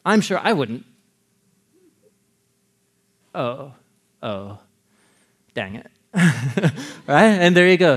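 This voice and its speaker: A man teaching a sermon on scripture in a jokey, conversational way, talking straight to his listeners and chuckling often. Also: fairly high pitch. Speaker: Bible teacher.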